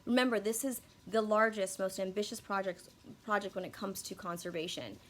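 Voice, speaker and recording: A young woman with a medium-pitched voice talks briskly to her viewers in an unscripted, casual video monologue. As a YouTube commentator, she rambles, swears, and pokes fun at herself, often losing her words and starting over. There's slight background noise.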